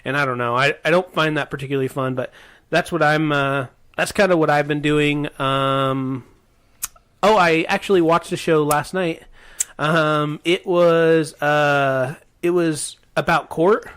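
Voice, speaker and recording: A man's voice: a little high, fairly even intonation, unhurried, a bit bright, clear, resonant tone. A man co-hosting a casual podcast, telling stories in a rambling, hesitant way, full of ums and restarts. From Portland area, US. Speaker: podcast co-host. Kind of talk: casual storytelling chat.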